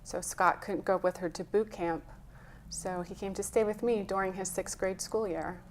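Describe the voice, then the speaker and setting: A woman's voice: medium pitch, fairly even intonation, moderate pace, slight background noise. Woman health coach chatting in an interview, earnest storyteller, gets a bit emotional. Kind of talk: conversational interview.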